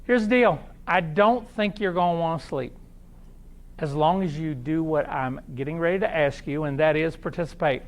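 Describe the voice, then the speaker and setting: A man with an Oklahoma accent giving a live seminar talk, folksy and animated, asking the crowd questions. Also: a little high, moderate pace. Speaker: seminar speaker.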